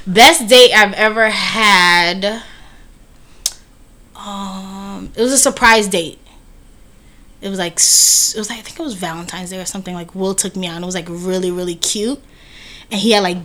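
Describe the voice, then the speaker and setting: A woman in her thirties telling dating stories in casual chat, animated, laughing and swearing freely. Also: mid-range voice, moderate pace. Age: 30s.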